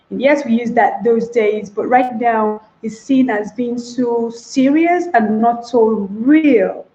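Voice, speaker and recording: A woman's voice: on the high side, mellow. A woman teaching a spoken English lesson, acting out greeting phrases and repeating them with exaggerated tone. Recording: echoey room, dull lo-fi sound.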